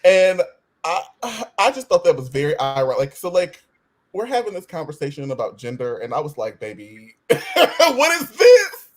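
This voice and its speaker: Brief: panelist, very animated pitch, expressive, laughs a lot. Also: fairly quick. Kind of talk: casual panel chat.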